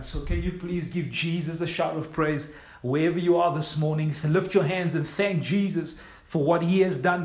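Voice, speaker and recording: Brief: male pastor preaching a fervent sermon, voice a touch high, echoey room. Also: a little mellow. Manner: reads scripture then preaches with fervent exhortation.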